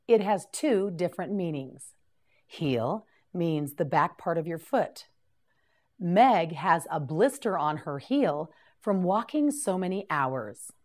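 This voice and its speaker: A woman teaching English vocabulary in a slow scripted lesson, patiently repeating each word for learners to copy. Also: on the low side, darkish tone.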